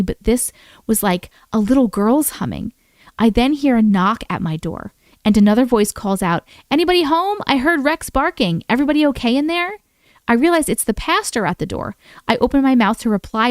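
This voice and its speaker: A young adult woman hosting a live stream, reading viewer stories aloud in an expressive way and acting out the quoted voices. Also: medium pitch, no echo, studio quality.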